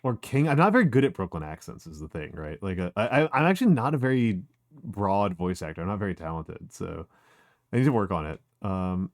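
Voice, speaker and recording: A man's voice: low voice, very animated, a little fast. A man streaming a video game, chatting casually, rambling and self-deprecating, swearing freely. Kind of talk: casual gameplay chat.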